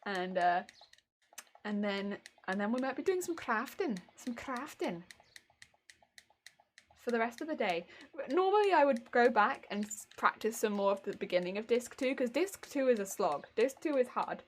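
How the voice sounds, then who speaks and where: Giggly high-voiced woman streamer. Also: lively intonation, normal speed, a little hiss or hum. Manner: giggly, chatty, greets viewers, talks over gameplay. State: recovering from a migraine. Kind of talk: casual gaming stream chat.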